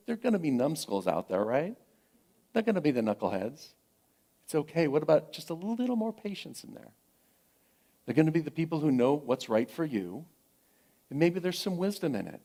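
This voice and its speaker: A middle-aged man preaches a sermon to his congregation at a spiritual center. His voice sits at an ordinary pitch for a man, and he repeats his phrases softly and encouragingly, pausing often between thoughts. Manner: gentle, repetitive encouragement with frequent pauses. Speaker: pastor.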